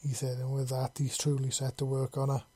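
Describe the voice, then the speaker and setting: An audiobook narrator reading a story aloud in a steady, even storytelling manner. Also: medium pitch, brisk, husky, no echo. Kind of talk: reading fan fiction aloud.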